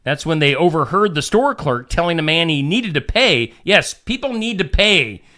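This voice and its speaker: Animated bright-voiced male news host. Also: fairly high pitch, normal speed. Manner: jokey, puts on silly voices while reading. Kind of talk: casual news banter.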